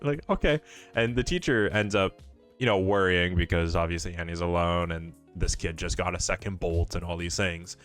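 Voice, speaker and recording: A young man co-hosting a casual anime recap, relaxed and laughing, mimicking characters in high voices. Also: moderate pace, faint music behind. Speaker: podcast co-host.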